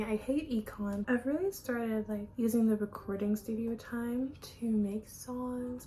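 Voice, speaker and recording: A woman's voice: on the high side, warm tone, a little hiss or hum, poor audio. A young woman vlogging, telling candid, gossipy stories in a casual chat. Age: young adult. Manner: chatty, gossipy, candid storytelling.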